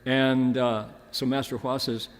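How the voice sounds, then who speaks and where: An older man speaks as a monk giving a dharma talk, telling a story in an easy, anecdotal way and voicing the people in it. His voice sits at an ordinary middle pitch. It rings with the long reverb of a large temple hall. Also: a little slow. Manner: relaxed anecdotal storytelling with quoted dialogue. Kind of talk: storytelling lecture.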